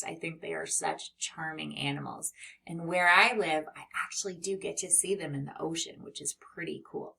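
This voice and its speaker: A woman teaching a children's phonics lesson, gentle and encouraging, who sounds out and stretches letter sounds. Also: deep voice, creaky, far from the mic.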